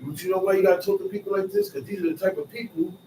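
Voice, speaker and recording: Bible teacher, male, slangy paraphrasing, higher voice, distant roomy recording. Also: very fast. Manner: explains verses in casual slang, repeats and paraphrases, lively rises. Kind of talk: street-style scripture teaching. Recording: roomy echo, far from mic, faint noise.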